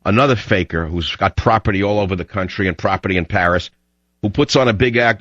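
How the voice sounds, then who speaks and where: A man's voice: deep voice, fast talker, a bit bright, no echo. A man hosting talk radio, delivering an emphatic, fiery ranting monologue on dull lo-fi audio.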